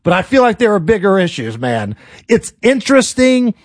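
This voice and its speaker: Male talk host with a high voice, dry close mic, sarcastic folksy rants. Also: big pitch swings, moderate pace, dry recording. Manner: sarcastic, colloquial, jokey rants. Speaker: radio talk show host. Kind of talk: opinionated political talk radio.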